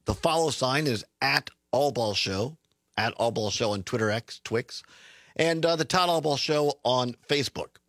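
A man's voice: medium pitch, no room sound. A man hosting a political talk radio show from a studio, chatty and sarcastic. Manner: chatty, sarcastic, lively asides.

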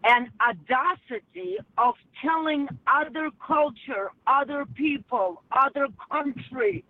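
A woman caller speaks slowly and haltingly, filling pauses with hesitation sounds. She comes through a thin, tinny phone line with a narrow band. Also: sits high, expressive, dry recording. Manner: halting, full of filler sounds. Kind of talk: call-in radio comment. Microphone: telephone.

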